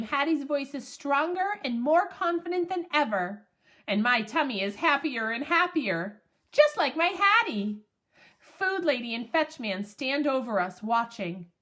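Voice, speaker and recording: Slow, lively woman reading a storybook. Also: sits high. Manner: expressive and playful. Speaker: audiobook narrator. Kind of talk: storybook narration.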